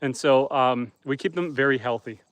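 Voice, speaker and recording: A man's voice: mid-range voice, normal speed, no echo. A man from Canada, a homesteader, chatting casually on a livestream outdoors by a campfire, reading viewer comments aloud and answering them.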